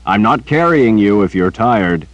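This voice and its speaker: A man doing a gruff big warrior. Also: fairly low pitch, expressive, unhurried, no room sound, highs cut off, voice pushed up. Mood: gruff teasing. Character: big, gruff, teasing male warrior guardian.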